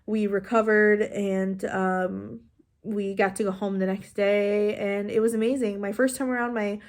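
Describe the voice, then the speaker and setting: A young woman vlogger telling a personal story in a casual, chatty way, animated and full of "like". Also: mid-range voice, unhurried. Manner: chatty, animated, heavy use of "like".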